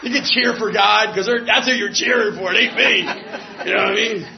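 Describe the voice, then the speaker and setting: Loud joking man addressing a crowd. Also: high voice, gravelly. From New Jersey. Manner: loud, joking, fast-talking. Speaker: recovery meeting speaker. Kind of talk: energetic speech to a crowd. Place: large hall with a crowd. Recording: lo-fi live hall recording.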